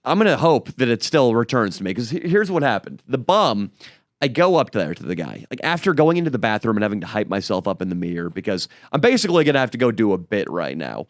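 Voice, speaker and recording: A man's voice: fairly low pitch, fast talker, no room sound. A man co-hosting a comedy podcast, telling a rambling story and acting out the people in it, recorded on a studio mic. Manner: animated storyteller, acts out scenes. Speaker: podcast co-host. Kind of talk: casual comedic podcast chat. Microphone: studio microphone.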